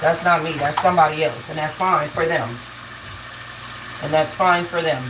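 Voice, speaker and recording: A woman's voice: low voice, fairly even intonation, normal speed, noisy background. Heated, profane young woman ranting. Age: young adult. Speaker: host. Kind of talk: casual gossip commentary.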